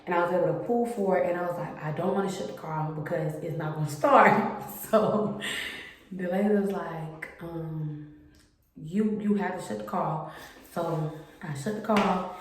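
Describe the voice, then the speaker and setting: A young woman casually telling a storytime about her car, chatty and animated, acting out the people in her story. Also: fairly low pitch, moderate pace. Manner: chatty, animated retelling with quoted voices. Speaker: vlogger. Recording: very echoey room with faint noise.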